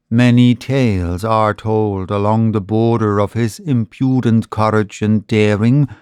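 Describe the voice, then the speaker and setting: Slow, measured male storyteller. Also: on the low side, a little mellow, dry recording, clean studio sound. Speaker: narrator. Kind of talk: scripted storybook narration.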